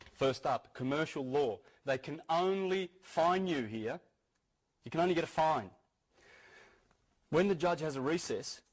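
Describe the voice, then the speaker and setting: Speaking in a voice on the high side with a darkish tone, a man gives an earnest lecture-style talk to an audience. He repeatedly circles back to key phrases and frequently starts his sentences over.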